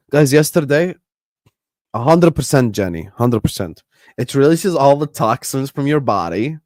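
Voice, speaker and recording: A non-native English-speaking man hosting a relaxed live stream, rambling and reading out viewers' chat messages. His voice sits at an ordinary mid pitch. The recording is close and dry, with no room sound. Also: a little slow, dry recording. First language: not English. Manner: chatty, rambling, reads and answers live chat. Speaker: livestream host.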